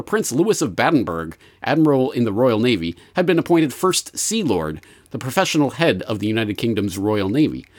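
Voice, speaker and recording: A man's voice: medium pitch, a little mellow. A man hosting a solo podcast, reading listener mail and commenting with sardonic asides. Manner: sardonic, mock-posh asides. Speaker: host.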